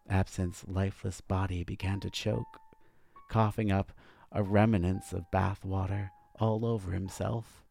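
A man narrating a dark fantasy story in a measured, deliberate scripted reading. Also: deep voice, flat delivery, creaky.

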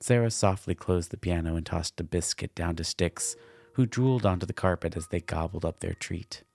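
A man reading a dark fantasy tale aloud with a very deep, gravelly voice. His tone is husky and measured, recorded dry and close with no room sound. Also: dry recording. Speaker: narrator.

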